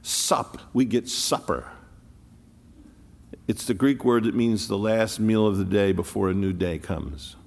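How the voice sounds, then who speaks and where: A pastor preaching a sermon, moving from loud declaring to hushed near-whispers and slowing down to lean on key words. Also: male voice, lowish voice, vocal fry, big-room sound. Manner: slow deliberate phrasing on key words.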